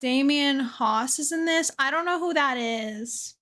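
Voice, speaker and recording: A woman's voice: sits high, measured pace, sharp tone. A young woman streamer chatting casually to her chat from a dim room at her desk, self-deprecating and trailing off with fillers.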